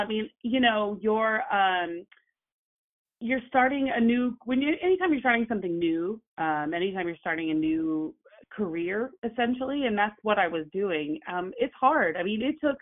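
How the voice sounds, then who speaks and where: A woman, an actress and journalist, telling her story as a guest in a casual conversation, animated and full of fillers. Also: medium pitch. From Oklahoma. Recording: phone-like narrow sound.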